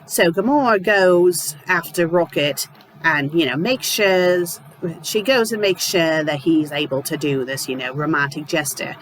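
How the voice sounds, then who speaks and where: A young man with a fairly high voice gives a loose, rambling recap of a story he is reviewing. He sounds casual and sardonic, and a faint hum of noise sits behind him. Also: a bit bright, rough recording. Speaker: fan fiction reviewer.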